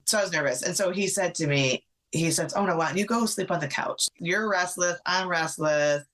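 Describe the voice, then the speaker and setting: A middle-aged woman, a podcast guest, tells a personal story in an animated way, acting out what others said, with many "like" fillers. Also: lowish voice, normal speed.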